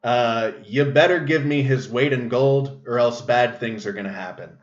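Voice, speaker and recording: A man's voice: mid-range voice, moderate pace, natural voice. A man voicing a grumpy male dwarf king who talks in casual slang, recorded in an echoey room with a dull, lo-fi sound. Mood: indignant.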